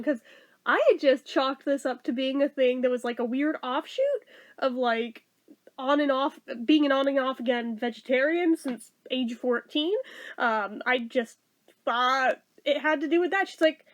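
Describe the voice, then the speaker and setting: A woman's voice: high voice, measured pace. A young woman vlogger telling a personal story in a casual, emotional way, swearing freely and welling up as she talks. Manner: emotional, swearing, laughing and tearing up while telling. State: teary, welling up.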